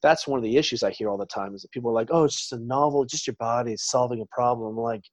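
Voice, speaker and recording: A man's voice: mid-range voice, fast talker, dry recording. Male guest, forties, medium voice, meandering storyteller, dry close mic. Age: 40s. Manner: rambling storyteller, trails off and restarts. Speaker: podcast guest. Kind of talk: casual interview chat.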